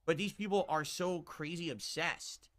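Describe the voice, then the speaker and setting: Bright-voiced exasperated streamer man. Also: a little high, a little slow. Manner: exasperated, addresses audience. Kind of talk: complaining to stream viewers.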